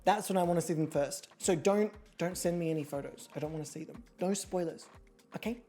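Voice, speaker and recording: A woman's voice: brisk, mellow, soft background music. Chatty woman streamer. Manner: chatty, jokey, swings into squealing high voices. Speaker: streamer hosting an online model competition. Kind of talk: casual livestream chat. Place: home streaming setup with a pet nearby.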